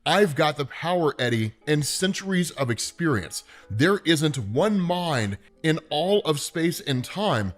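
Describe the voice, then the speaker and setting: A man's voice: fairly high pitch, big pitch swings, soft background music. A man reading a gloating symbiote god-king. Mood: gloating taunt. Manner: slow, measured taunting. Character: gloating godlike male symbiote villain, vast and cold.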